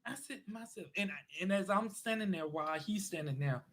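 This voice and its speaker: A man telling a story in a chatty, animated way as a vlog host. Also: sits high, a little fast. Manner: animated, chatty, acts out quotes. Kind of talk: casual storytelling monologue.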